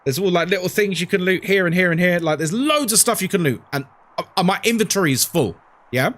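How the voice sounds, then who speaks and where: Lively man telling game stories. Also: high voice, fast. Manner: animated, rambling storyteller who repeats himself. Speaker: streamer. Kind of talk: casual chat on a horror game stream.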